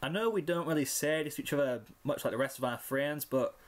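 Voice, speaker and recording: A man voicing a steady, caring young farm pony mare in a fan fiction reading, earnest and plain-spoken. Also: fairly high pitch, fast talker, slight background noise, voice pushed up, natural voice.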